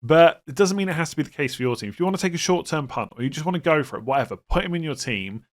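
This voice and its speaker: A young man hosting a fantasy football channel, talking casually in an animated, opinionated way, often restarting his sentences. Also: fairly high pitch, rapid-fire.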